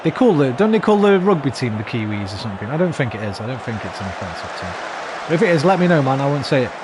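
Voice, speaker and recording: A man's voice: mid-range voice, sing-song, fast talker, crowd noise. A man streaming a football management game, chatting with viewers and swearing when it goes wrong. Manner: swearing, chatty, flares into frustrated outbursts. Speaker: gaming streamer. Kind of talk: live game stream chat. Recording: noisy background.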